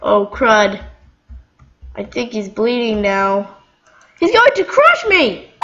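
Excitable young woman gaming. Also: fairly high pitch, takes it slowly, pauses often. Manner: excitable, giggly, squealing. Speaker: gamer. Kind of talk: casual gameplay commentary.

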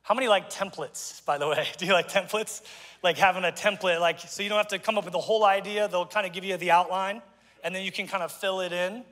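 A man's voice: high-pitched, steady tone, quick pace, fairly bright tone. A middle-aged man preaching a sermon to his congregation, conversational and joking, with asides to the crowd. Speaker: pastor. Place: church auditorium. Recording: long church hall reverb.

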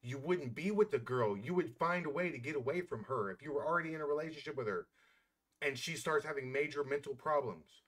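A man's voice: fairly high pitch, expressive, a little fast, fairly bright tone. A man giving heated reaction commentary, blunt and scornful, swearing freely as he mocks the clip.

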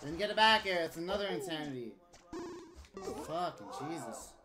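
A woman's voice: low-pitched, animated, normal speed. A woman streaming a game, giving live commentary as a profane, frustrated rant. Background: game music.

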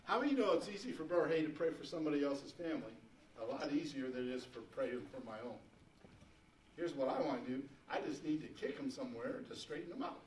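A pastor preaches in an easy, folksy way that swells into fervent, emphatic bursts. His voice sits a little high for a man. The sound carries the echo of a church sanctuary, picked up from a distance, with faint noise behind. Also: lively intonation, fast, darkish tone. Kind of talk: sermon. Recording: echoey church room, mic at a distance.

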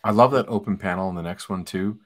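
A man in his forties co-hosting a casual comic book discussion, relaxed, chatty and enthusiastic. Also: low voice, quick pace. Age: 40s. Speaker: podcast co-host.

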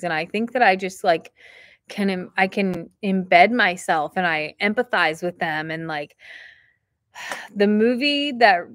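A woman's voice: medium pitch, a bit bright. A woman chats casually to her viewers as she opens their gifts. Her voice sits in a middle range and sounds dry and close, with no room echo. She talks with open emotion and comes close to tears. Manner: chatty and emotional, near tears. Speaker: vlog host opening fan mail.

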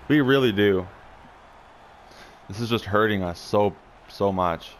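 A young man playing a hockey video game, muttering, swearing in frustration and yelling when excited. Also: fairly low pitch, takes it slowly, a little hiss or hum. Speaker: gaming YouTuber. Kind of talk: casual gameplay commentary.

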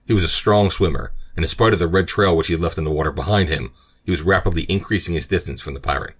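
A man narrating an adventure audiobook in a steady, measured way. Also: deep voice, slightly rough. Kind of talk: scripted narration.

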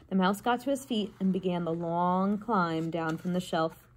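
A woman librarian reading a chapter book aloud to children with an expressive, dramatic delivery. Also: fairly low pitch, moderate pace. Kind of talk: storybook read-aloud.

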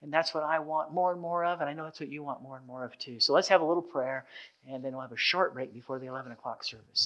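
Animated male preacher. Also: fairly high pitch, fast, highs cut off. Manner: animated, repeats words as he builds. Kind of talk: sermon with storytelling.

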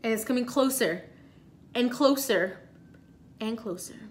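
A young woman vlogger telling a story in a casual, animated way, full of fillers and rushed retellings. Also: a little high, a little hiss or hum.

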